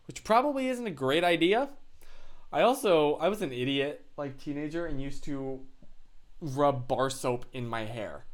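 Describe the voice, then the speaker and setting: A man chatting casually on a live stream, rambling through tangents with lots of fillers. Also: medium pitch. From United States.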